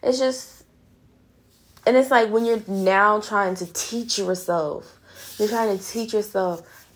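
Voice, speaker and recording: A woman's voice: medium pitch, takes it slowly, long pauses. A young woman hosting a podcast in casual, frank monologue, swearing freely and calling listeners girl and honey. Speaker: podcast host.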